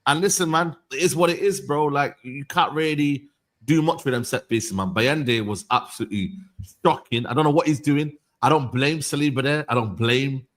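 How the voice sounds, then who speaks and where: A man's voice: on the high side, moderate pace, fairly bright tone. A man co-hosting a football show, defending his team and repeating his points. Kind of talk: casual football banter.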